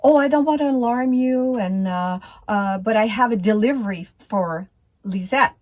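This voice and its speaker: A woman voicing a nervous, overly polite strange man in a retold story, halting and apologetic. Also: on the high side, darkish tone, close to an everyday voice.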